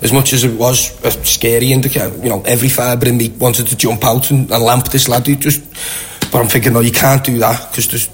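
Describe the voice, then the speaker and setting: A Liverpudlian man with a Scouse accent, telling animated anecdotes in a casual interview. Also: mid-range voice, a little fast, slight background noise. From Liverpool, England. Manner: chatty, animated anecdotes with acted-out quotes. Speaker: guest. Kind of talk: casual storytelling.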